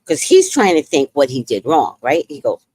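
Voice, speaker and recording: A woman hosting a podcast, recapping a reality show in a casual, animated way and acting out what people said. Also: sits low, normal speed, breathy edge, no echo. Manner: animated, exclaims and acts out quotes. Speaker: podcast host.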